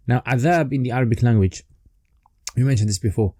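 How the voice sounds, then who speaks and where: Male online teacher, dark mellow tone, laid-back explaining, dry close sound. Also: medium pitch, fairly quick, pauses often, slightly rough, no echo. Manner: relaxed explaining, with fillers and restarts. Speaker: teacher of Quranic rhetoric. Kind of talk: casual online lesson.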